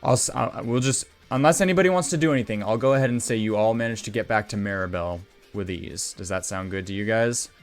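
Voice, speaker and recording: A man's voice: on the low side, quick pace, few pauses, faint music behind. A man narrating as game master in a casual, hesitant way.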